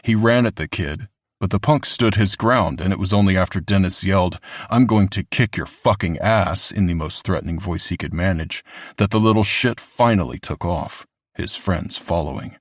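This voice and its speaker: A man narrating an audiobook with steady, even storytelling. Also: low-pitched, normal speed, no echo, studio quality. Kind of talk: scripted narration.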